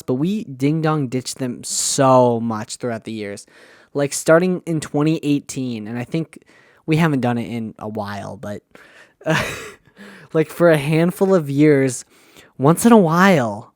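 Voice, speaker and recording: Young guy, mid-pitch, chill slangy storyteller, dry close recording. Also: dry recording. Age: young adult. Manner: laid-back slangy, many fillers and "dude". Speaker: podcaster telling stories. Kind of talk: casual storytelling monologue.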